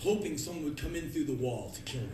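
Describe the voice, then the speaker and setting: A man in his early thirties giving a live spoken word monologue on stage, ranting in sudden shouted bursts of rage. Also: on the high side, lively intonation, quick pace. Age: early 30s. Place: music club on stage. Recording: echoey club from far off, crowd noise. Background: audience laughter.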